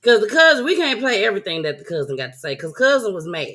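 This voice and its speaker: Bright-voiced woman hosting a casual chat. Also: medium pitch, sing-song, quick pace. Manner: loose, laughing, talks straight to viewers. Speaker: host.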